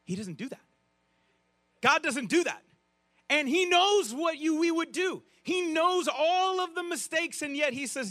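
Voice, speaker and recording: A man preaching a sermon in a conversational, animated way, with frequent restarts and asides to the congregation. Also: very high-pitched, unhurried, no echo. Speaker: pastor.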